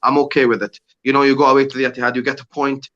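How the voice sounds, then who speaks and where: Blunt man with a bright, muffled voice. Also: medium pitch, flat delivery, very fast. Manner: blunt, exasperated, repeats himself. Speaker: football podcast panelist. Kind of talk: casual football chat.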